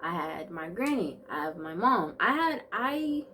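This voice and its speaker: A woman's voice: lowish voice, very animated, bright, forceful tone, slight background noise. Bubbly young woman chatting to camera. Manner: chatty and bubbly, quick asides and playful self-talk. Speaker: vlogger. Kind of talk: casual chat to camera.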